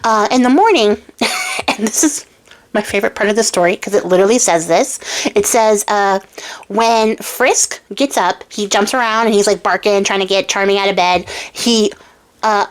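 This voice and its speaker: A woman's voice: medium pitch, moderate pace. A young woman retelling a fairy tale casually, chatty, full of fillers, talking straight to her viewers. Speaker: storyteller host.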